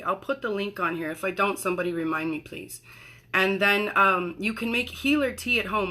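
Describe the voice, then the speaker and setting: A woman's voice: medium pitch, pushed and bright. A woman in her forties hosting a casual chat, talking in a chatty, rambling way and interrupting herself. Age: 40s. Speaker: host.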